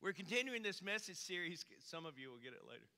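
A man's voice: fast, long reverb tail. A man preaching a sermon, a folksy storyteller who swings his voice up and down for emphasis. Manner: folksy storyteller, animated swings in pitch and volume. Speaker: pastor. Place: church sanctuary.

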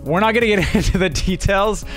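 Animated young man telling a story. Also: high voice, faint music behind. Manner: animated, rushed retelling with many restarts and acted quotes. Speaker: streamer and vlogger. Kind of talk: casual storytelling to camera.

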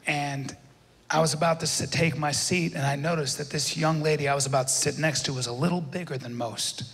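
A man telling a stand-up story in a cocky, self-mocking way, with animated voices for the people in it. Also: on the high side, fairly quick, long reverb tail. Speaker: stand-up comedian.

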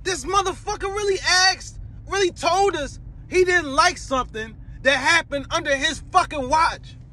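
High-voiced angry man ranting. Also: moderate pace, sharp tone. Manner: profane, heated, repetitive. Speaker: fan vlogger. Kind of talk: angry fan rant.

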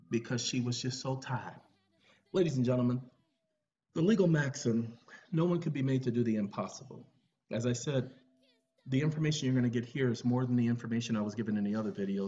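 A man's voice: medium pitch, a little fast, a little mellow, a little hiss or hum. A tired man hosting a video, talking in a rambling, joking monologue. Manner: rambling, joking, drawling, breaks into song. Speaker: video host. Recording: dull lo-fi recording with faint music.

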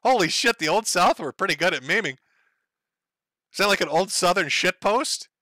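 A man hosts a loose livestream and talks casually while reading chat out loud. His voice sits a little high and bright, with a crude, joking manner and frequent laughter. The sound is close and dry, with no room around it. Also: expressive, moderate pace, no room sound. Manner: crude, joking, laughs often between lines.

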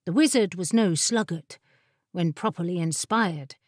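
A woman narrating a fantasy audiobook in a measured, expressive storytelling voice, on a close studio mic. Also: fairly low pitch, no echo.

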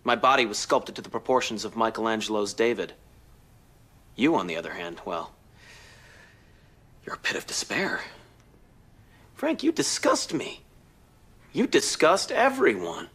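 A man's voice: lowish voice, big pitch swings, a little slow, long pauses, a bit bright, breathy edge, heavily acted. A man playing a vain, self-adoring young man who talks in a pompous, sneering way. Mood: contemptuous. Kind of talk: comedy sketch acting.

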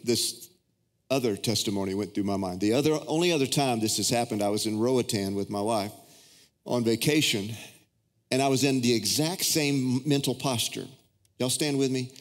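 Pastor preaching in a reverberant hall. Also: male voice. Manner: storytelling, swings into high excited acted-out prayers. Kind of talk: sermon. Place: large church auditorium.

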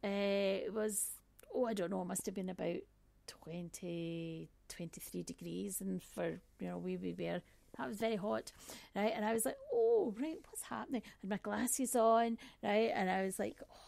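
Woman speaker, low-key gravelly storyteller, chatty with lots of asides, dry recording. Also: steady tone, normal speed, a little mellow, no echo. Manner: conversational, frequent "right?" and "um" asides. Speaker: speaker on workplace bias. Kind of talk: personal storytelling talk.

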